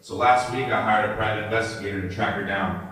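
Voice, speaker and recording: A man telling a stand-up joke in a deadpan storytelling manner. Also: lowish voice, fast. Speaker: stand-up comedian. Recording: echoey hall from far off.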